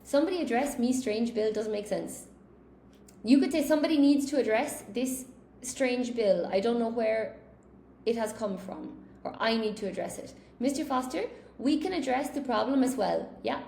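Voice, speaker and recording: A woman's voice: fairly high pitch, moderate pace, gravelly, a little mellow. A woman teaching an English lesson on a live stream, chatting with viewers and answering their questions as she goes. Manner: chatty, reads chat questions aloud, laughs at own slips. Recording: echoey room, faint noise.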